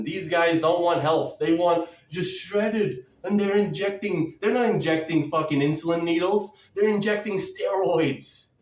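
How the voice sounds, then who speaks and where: A fired-up, sarcastic man rants to his viewers, swearing and mocking them in quoted voices. He speaks slowly and deliberately in a fairly high voice. He is picked up from a distance in a roomy, echoing space. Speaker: diet vlogger. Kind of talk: ranting to-camera vlog. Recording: roomy echo, distant from mic.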